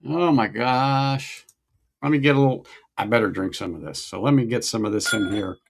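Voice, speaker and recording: Middle-aged guy w a gravelly voice just chatting on his whiskey stream, greeting folks. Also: on the low side, fast. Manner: chatty, musing aloud, greets viewers. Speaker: livestream host. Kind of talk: casual whiskey-tasting livestream chat.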